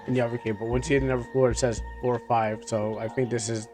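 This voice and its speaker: A man's voice: medium pitch, flat delivery, fast, music in the background. A man streaming a game live, chatting and commenting with many restarts.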